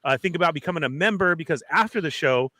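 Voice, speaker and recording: A man hosting a casual livestream show, welcoming viewers with energetic hype. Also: a little high, fast, no echo. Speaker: podcast host.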